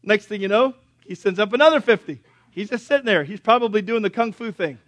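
A pastor preaching a sermon, animated and punchy, acting out biblical characters in different voices. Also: male voice, sits high, fairly quick, no room sound. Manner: punchy, swings between loud and soft.

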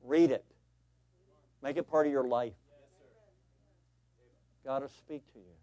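Guy preaching a sermon, tells stories all animated then gets earnest, mid pitch, dry close sound. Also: takes it slowly, dry recording. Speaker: pastor. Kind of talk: sermon with storytelling.

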